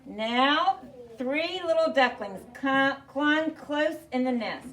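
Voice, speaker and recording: A woman teacher reading a picture book aloud to her class in an animated way, asking the children questions. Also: sits high, slow. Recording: distant mic, faint noise.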